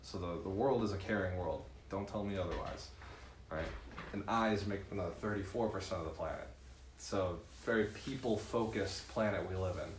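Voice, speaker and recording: A man giving a live seminar as a real estate mentor, lively and laughing often, tagging points with "right?". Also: sits low, normal speed, roomy sound, slight background noise. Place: room with a live audience.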